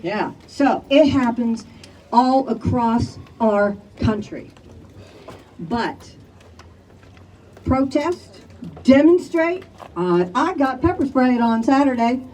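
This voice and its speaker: An older woman from Chicago gives impassioned testimony at an outdoor gathering, pressing each point on the crowd. Her voice sits a little high, and she is caught from some distance, with faint street and crowd noise behind her. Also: expressive, slow pace, a little mellow. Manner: emphatic, rallies the crowd with "all right?". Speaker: speaker at a community rally.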